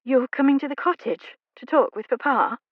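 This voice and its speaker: A woman's voice: fairly low pitch, expressive, a little fast, gravelly, slightly rough, dry recording, highs cut off, exaggerated voice. A woman reading as a playful young heroine. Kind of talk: audiobook character reading.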